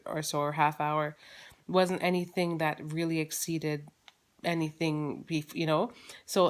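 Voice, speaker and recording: A woman's voice: on the low side, clear, resonant tone. A woman in her thirties, a mother and vlogger, chatting casually to camera at home with lots of fillers and restarts. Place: at home, holding her baby.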